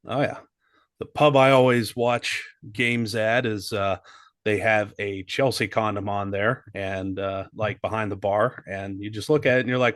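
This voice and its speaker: His voice is lowish and a bit bright, steady in tone and a little slow, recorded dry. He co-hosts an informal comedy podcast, telling crude jokes, riffing, and lapsing into a fake English accent.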